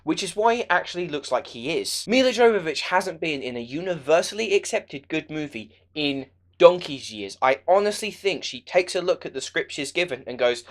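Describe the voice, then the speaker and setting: A man's voice: a little high, lively intonation, normal speed. Sarcastic ranting young man. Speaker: film reviewer. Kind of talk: ranting movie review vlog.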